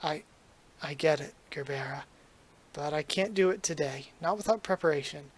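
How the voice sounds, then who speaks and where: Man voicing a gentle, earnest young cop, quiet and restrained, slightly high voice. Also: normal speed, breathy edge.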